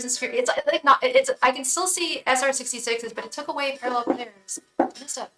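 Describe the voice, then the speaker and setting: A woman's voice: high voice, brisk, distant mic, music in the background. A woman reading tarot on a live stream, chatting with viewers, thanking donors by name and chanting invocations to spirit guides.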